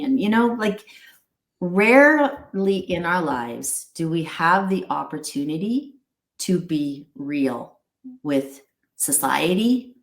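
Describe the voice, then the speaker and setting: Middle-aged woman, interview guest, earnest and rambling, lower voice, echoey room. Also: animated, slow. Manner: earnest, rambling with restarts and acted-out quotes. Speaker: guest, pet wellness company founder. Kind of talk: candid interview talk.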